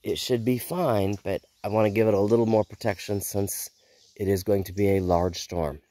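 A woman vlogging outdoors in her backyard garden. She rambles in a casual, unhurried way, sounds a little out of breath, and feels unwell. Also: very deep voice, fairly even intonation, warm tone. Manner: rambling, unhurried, with repeated sign-offs. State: feeling unwell. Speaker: homestead vlogger. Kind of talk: casual chat.

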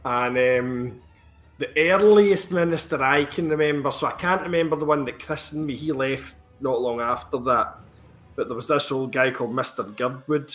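A man, a podcast guest chatting bluntly about films, swearing in relaxed storytelling. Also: mid-range voice, normal speed, faint music behind. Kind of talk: casual film review chat.

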